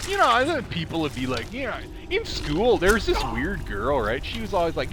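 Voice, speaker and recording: A man's voice: sits high, wildly swooping pitch, moderate pace. A man with a Canadian accent and a southern drawl, rambling through a story while playing a game, laughing often and adding snarky asides. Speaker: let's play streamer.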